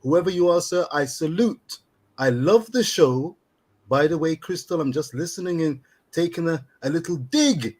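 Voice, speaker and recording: A man's voice: on the high side, normal speed, a little mellow, breathy edge. A man co-hosting a casual live-stream chat, playful, wordy and theatrical. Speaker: co-host.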